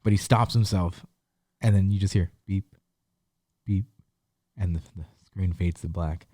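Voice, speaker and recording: A man's voice: sits low, fairly even intonation, moderate pace, dark tone, no room sound, studio quality. A man co-hosting a podcast, earnestly retelling a story in detail during casual chat. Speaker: podcast co-host.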